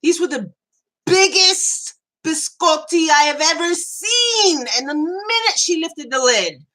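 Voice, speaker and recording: A middle-aged woman hosting a loose live chat. Her voice is high and bright, and it swoops all over as she laughs and vents. She talks in an animated way and swears freely. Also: takes it slowly. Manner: animated, laughing, ranting with profanity. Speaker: host.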